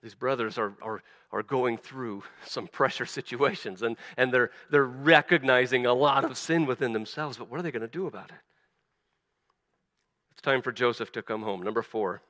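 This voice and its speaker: A man preaching a sermon as a pastor, animated, acting out quoted voices, often stumbling and restarting. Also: mid-range voice, moderate pace, long reverb tail.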